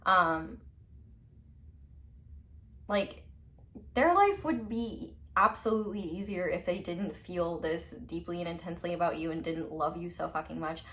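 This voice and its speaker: A woman's voice: fairly low pitch, a little slow, long pauses, a bit bright. A woman giving a casual pick-a-card tarot reading, chatty and emphatic, peppering her talk with "like", casual swearing and frequent laughter. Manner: laughs often between remarks. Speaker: tarot reader.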